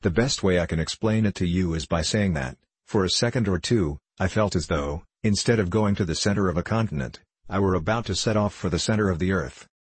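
A man narrating a classic story aloud at a measured, even pace. His voice is deep and husky. The sound is dry and close, with no room around it. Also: dry recording. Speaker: audiobook narrator.

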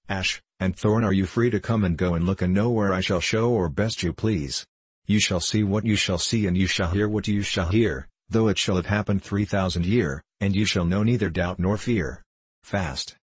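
Old tricksy sprite guy, wry and knowing, low husky voice, dry sound, as a man reads him. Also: moderate pace, a little mellow, no room sound. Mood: sing-song. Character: ancient mischievous male hill sprite, knowing and wry. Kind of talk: audiobook character reading.

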